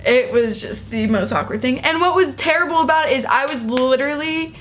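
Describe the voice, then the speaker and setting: A woman's voice: high voice, a little fast, slight background noise. A young woman in her twenties co-hosting a casual story time chat, telling it with animation. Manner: animated storytelling, quotes herself. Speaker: co-host.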